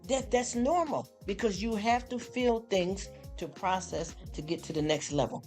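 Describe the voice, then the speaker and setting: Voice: medium pitch, animated, moderate pace, darkish tone. Tired streamer talking faith. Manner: rambling, repeats "you understand?". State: tired after a long work shift. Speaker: live streamer. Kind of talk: casual spoken faith talk to a live chat. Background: faint background music.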